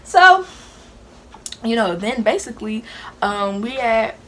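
A young woman telling a storytime vlog in a sassy, animated way, talking with attitude. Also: on the high side, slow pace, slight background noise. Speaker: vlogger. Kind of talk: casual storytime.

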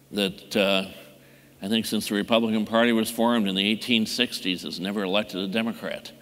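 A man giving a measured, deliberate conference talk as a mayor on a panel. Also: sits low, fairly bright tone. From Indiana. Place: large conference hall. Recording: long hall reverb.

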